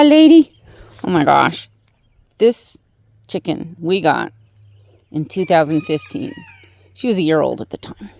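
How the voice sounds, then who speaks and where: A woman's voice: a little high, darkish tone. A woman talking casually to her goats and chickens in a barnyard, cooing affectionate baby talk. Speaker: hobby farmer vlogger. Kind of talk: casual farm vlog talk. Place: outdoor barnyard.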